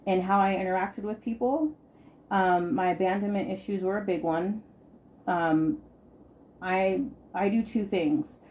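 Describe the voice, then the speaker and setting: A woman in her thirties talks candidly and personally, as on a podcast. She stresses her points by repeating words and swearing casually. Her pitch sits in the middle range for a woman. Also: a little slow, a little mellow. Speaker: podcast host.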